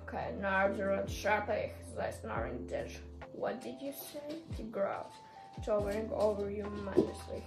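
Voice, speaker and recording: A young woman vlogger reading an AI chatbot role-play aloud, breaking into dramatic squealing outbursts between flat stretches. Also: mid-range voice, gravelly, rough recording. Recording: loud background music.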